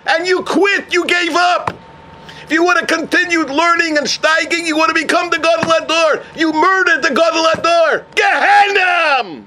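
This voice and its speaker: A celestial judge's voice hurls slow, drawn-out accusations at full shout, performed by a man mid-lesson. The tone is sharp and piercing, and it sits well above a normal speaking voice. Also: very high voice, a little hiss or hum, exaggerated voice. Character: thundering heavenly voice of judgment.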